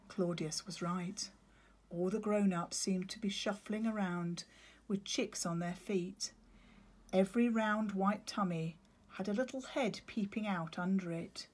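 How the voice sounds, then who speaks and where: An English woman teacher reading a children's book aloud to her class in an expressive storytelling voice. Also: lowish voice, a little slow, slightly rough. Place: school.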